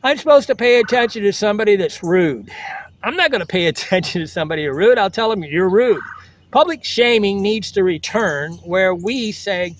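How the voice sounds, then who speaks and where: An older man talks straight to his vlog audience in a high-pitched voice. His delivery is blunt and preachy, and he keeps circling back to the same catchphrases. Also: lively intonation, fairly quick, a little hiss or hum. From United States. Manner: blunt, lecturing, repeats slogans. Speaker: travel vlogger. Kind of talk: blunt motivational monologue.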